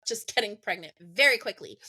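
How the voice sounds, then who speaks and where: A woman in her thirties tells a personal story in a relaxed, chatty way. She laughs often and slips into the voices of the people in it. The sound is close and dry, with no room echo. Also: fairly high pitch, brisk, breathy edge. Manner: laughs often, acts out conversations. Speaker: podcast guest. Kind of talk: casual storytelling.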